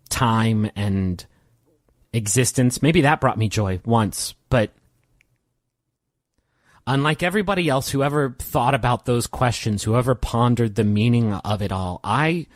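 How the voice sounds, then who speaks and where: Brooding, bleak immortal voiced by a man, slow and musing, dry close sound. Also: mid-range voice, no room sound, lightly acted. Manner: slow, musing monologue with halting restarts. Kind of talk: in-character role-play.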